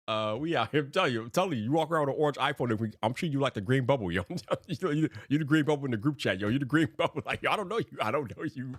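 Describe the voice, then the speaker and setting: A young man hosting a casual livestream, animated and slangy, laughing often. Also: medium pitch, no room sound, studio quality. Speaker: livestream host.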